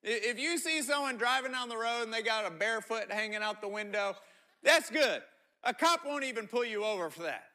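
A man preaching a sermon as pastor, telling animated stories and often repeating his words. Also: extremely high pitch, a little fast.

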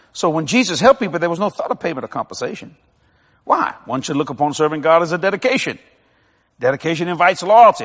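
A pastor preaching a sermon, his voice pitched very high and swinging widely as he tells folksy stories. He teases his congregation along the way. The sound carries a long hall reverb. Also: fairly bright tone. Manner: folksy storytelling, teasing the congregation.

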